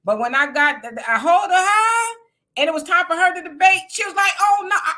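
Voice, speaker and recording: A woman's voice: extremely high pitch, animated, a little fast, sharp tone. A woman from California giving blunt, colloquial political commentary on a casual live stream.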